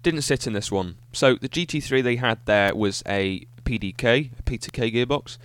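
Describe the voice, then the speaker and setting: A man's voice: mid-range voice, normal speed, a bit bright, smooth. A man hosting a solo podcast, talking in an enthusiastic, rambling way and often correcting himself. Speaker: podcast host. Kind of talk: solo casual podcast monologue.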